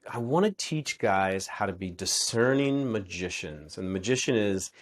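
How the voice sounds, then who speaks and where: A man's voice: fairly low pitch, expressive, moderate pace. A man in an interview, talking casually and animatedly as a relationship coach, acting out quoted exchanges as he explains.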